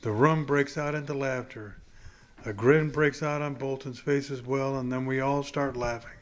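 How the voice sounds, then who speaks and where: A man's voice: mid-range voice, fairly even intonation, normal speed. Man reading a novel aloud. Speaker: audiobook reader.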